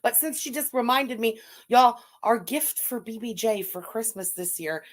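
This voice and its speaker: A woman livestreamer on an angry, profane rant, shouting insults at her audience. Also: fairly high pitch, animated, normal speed.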